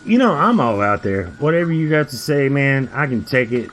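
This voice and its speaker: A man's voice: mid-range voice, expressive, brisk, fairly bright tone, slight background noise. A man with a nasal voice, chatting casually on a stream and laughing often. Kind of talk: casual chat.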